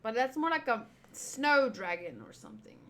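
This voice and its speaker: A woman's voice: fairly high pitch, very animated, normal speed, bright, forceful tone. A woman hosting a casual comic readthrough, chatting in playful asides. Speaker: channel host.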